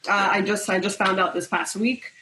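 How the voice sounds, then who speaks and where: A woman's voice: medium pitch, normal speed, background noise. Woman broker speaking as a stream guest. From Canada. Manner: relaxed conversational, fillers. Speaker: real estate broker, guest. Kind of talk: remote guest on a livestream.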